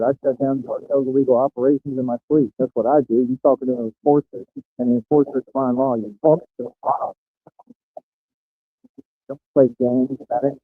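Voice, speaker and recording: A man's voice: mid-range voice, no room sound. A man streaming a boastful monologue, brash and bragging, often laughing at his own lines. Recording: tinny phone-like audio, dry.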